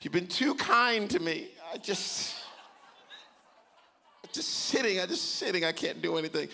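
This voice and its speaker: A man's voice: sits high, animated, measured pace, vocal fry, pushed and bright, voice pushed up, full character voice. A man voicing a tearful young child who whimpers and wails as if overwhelmed. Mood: sobbing. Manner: whimpering, wailing.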